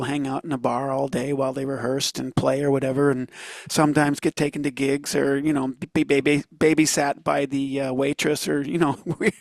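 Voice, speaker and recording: A man's voice: fairly high pitch, creaky, a little mellow, no room sound. A man from Northern Ireland with a Canadian accent, a guest drummer telling stories in a chatty way and laughing easily. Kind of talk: interview storytelling.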